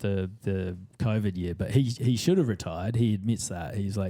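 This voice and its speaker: A man tells stories with gusto on a podcast, swearing and acting out the other voices. His tone is mellow and dark, with a relaxed, warm sound. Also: lowish voice, moderate pace. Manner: lively, swears, acts out dialogue. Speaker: surf commentator, guest. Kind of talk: animated storytelling on a podcast. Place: podcast studio.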